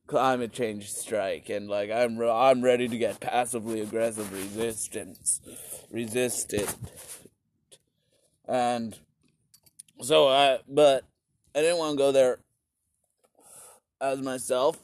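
A young man telling a crude, sarcastic comic story in rambling bursts, sometimes shouting. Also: mid-range voice, fairly even intonation, takes it slowly, pauses often, a little hiss or hum. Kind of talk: rambling comedic storytelling rant.

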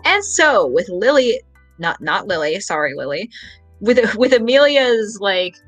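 A man hosting a podcast in casual chat, rambling and stammering, quick to laugh. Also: high voice, big pitch swings, a bit bright, soft background music, rough recording. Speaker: podcast host.

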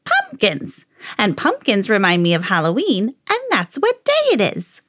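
A woman voicing a cranky, seven-hundred-year-old witchy woman in a storybook, with a shrill high voice. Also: huge pitch swings, unhurried, fairly bright tone, husky, full character voice. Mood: fretful.

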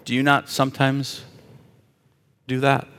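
A man's voice: mid-range voice, completely flat delivery, measured pace, a bit bright, smooth, long reverb tail. A man preaching a sermon as a pastor, emphatic and asking the audience rhetorical questions.

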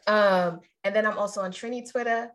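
A woman's voice: mid-range voice, fairly even intonation, a little fast, a bit bright. A woman co-hosting a podcast in casual chat, meandering and chatty, with asides to the listeners. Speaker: podcast co-host.

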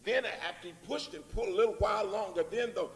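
In a church sanctuary, a man with a high voice preaches a Sunday morning sermon fast, using call-and-response phrases and emphatic lines that rise. The recording has long church hall reverb.

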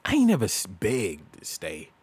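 A man's voice: fairly low pitch, wildly swooping pitch, moderate pace, a little mellow, slightly rough, no room sound. A man in casual chat, joking and teasing, laughing often.

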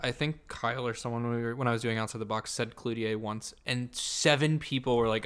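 A man's voice: mid-range voice, fairly even intonation, fairly quick, few pauses, fairly bright tone, clean tone. A young man hosting a casual podcast chat, rambling and laughing often, swearing now and then. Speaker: podcast host.

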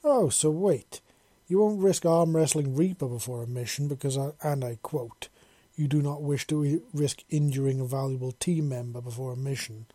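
A man's voice: medium pitch, normal speed, dark tone, no echo, lightly acted. A man reading a story, voicing a whiny, nervous young male soldier who turns dramatic. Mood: whining. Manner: whining, dramatic.

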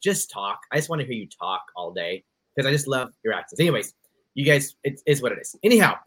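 Bright, eager male podcast co-host. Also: medium pitch, sing-song, fast, breathy edge. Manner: enthusiastic, easily sidetracked. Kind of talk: casual podcast chat.

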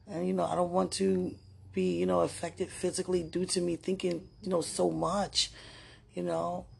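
Emotional woman with a gravelly, husky voice. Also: fairly low pitch, level tone, a little mellow. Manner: emotional, sighing, breathy at times, halting with many fillers. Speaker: podcaster. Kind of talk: spoken personal message.

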